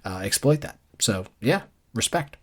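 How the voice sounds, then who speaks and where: A man's voice: medium pitch, big pitch swings, unhurried, darkish tone. A man in his forties co-hosting a casual book club podcast, telling rambling stories and laughing at his own anecdotes. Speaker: podcast co-host.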